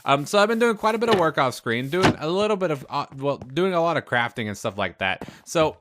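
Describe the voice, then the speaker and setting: Young guy, faint southern accent, chatty game commentary, bouncy pitch, kinda high. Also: lively intonation, brisk, background noise. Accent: Southern US, mostly hidden. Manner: chatty, upbeat, thinks aloud with fillers and laughs. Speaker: Let's Play host. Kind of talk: casual gameplay commentary.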